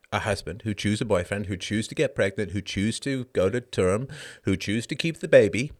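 A man hosting a livestream show, talking casually in a sarcastic, mocking way and breaking into fits of laughter. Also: lowish voice. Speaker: host of a call-in livestream show. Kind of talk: casual monologue.

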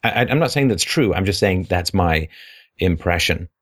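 Male call-in host, very low voice, frank and opinionated, thinks aloud with stumbles. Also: expressive, moderate pace. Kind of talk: call-in show conversation.

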